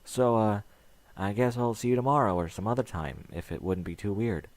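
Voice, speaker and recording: A man voicing a shy, nervous young female unicorn who speaks haltingly. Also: lowish voice, no room sound, close to an everyday voice. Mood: hesitant. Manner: hesitant, halting speech.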